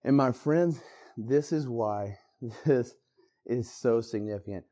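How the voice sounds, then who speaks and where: A man's voice: medium pitch, slow pace. A man preaching a casual, conversational Christmas sermon, acting out the people in the story with bursts of energy. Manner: animated, conversational, acts out quotes with bursts of energy. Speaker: pastor.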